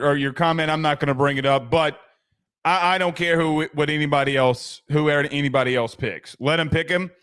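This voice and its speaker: A man's voice: a little high, a bit bright, clear, resonant tone. A man hosting a sports podcast, chatting loosely and reading viewer comments, with frequent restarts and casual swearing.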